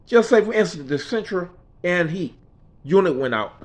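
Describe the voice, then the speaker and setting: A man's voice: high voice, expressive, normal speed. A man telling a personal story in a conversational, repetitive way, often checking in with the listener. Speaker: speaker.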